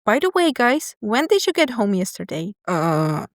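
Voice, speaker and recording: A woman's voice: mid-range voice, very animated, moderate pace, echoey room. A young woman from Czechia narrating a storytime animation, chatty and lightly self-mocking. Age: young adult. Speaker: student animator and devlog narrator.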